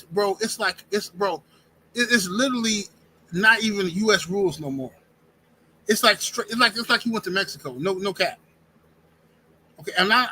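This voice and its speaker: High bright-voiced man ranting on a show. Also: slight background noise, poor audio. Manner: animated, emphatic, repeats words and restarts, says "bro" and "fam". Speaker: podcast host. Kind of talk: casual opinionated live-stream chat.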